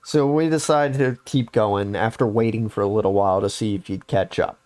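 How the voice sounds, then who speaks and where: A man's voice: lowish voice, a little fast, darkish tone. Young man rambling through a story. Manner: rambling, filler-heavy recounting. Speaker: podcast host. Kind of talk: casual storytelling chat.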